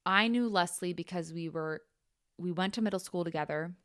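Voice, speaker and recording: A woman's voice: fairly low pitch, moderate pace, a bit bright, clean tone, dry recording, clean studio sound. A young adult woman hosting a podcast, telling a personal story frankly and bluntly, swearing casually and saying "like" often. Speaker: podcast host.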